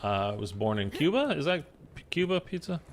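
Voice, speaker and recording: A man's voice: a little high, sing-song, a little fast. A man giving casual, rambling commentary while playing a video game, full of fillers. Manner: rambling, filler-heavy, chatty. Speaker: gaming YouTuber.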